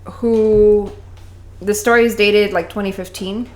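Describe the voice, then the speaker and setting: A woman co-hosting a podcast, relaying a story in a relaxed, casual way with many fillers. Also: mid-range voice, a little slow. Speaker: podcast co-host.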